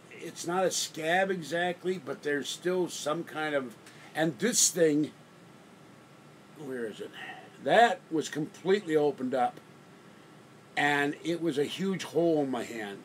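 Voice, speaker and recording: An older man vlogging from home in a meandering, self-interrupting way, sounding fatigued. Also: on the high side. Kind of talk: rambling casual monologue. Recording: faint background noise.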